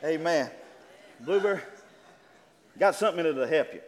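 Animated preacher man in a reverberant church. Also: on the high side, normal speed. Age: older. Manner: preaching with call-and-response amens, building to shouts. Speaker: pastor. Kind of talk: sermon. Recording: church hall with long reverb.

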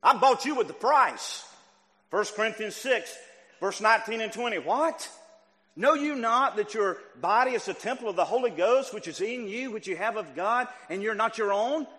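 A man preaching a sermon to a church congregation. He is animated, climbing to near shouts and then dropping low. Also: moderate pace, big-room sound. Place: church sanctuary.

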